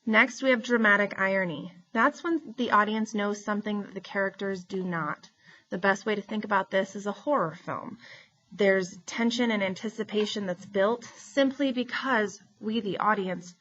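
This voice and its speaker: A woman's voice: medium pitch, moderate pace. Woman teacher explaining vocabulary, lo-fi. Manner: clear, explanatory, steady. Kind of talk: recorded classroom lesson.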